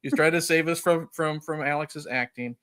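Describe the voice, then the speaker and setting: With a clear, resonant voice that's a little high and fairly bright, the podcast host talks at normal speed. He retells a film in a casual, rambling chat, chuckling and often saying "you know".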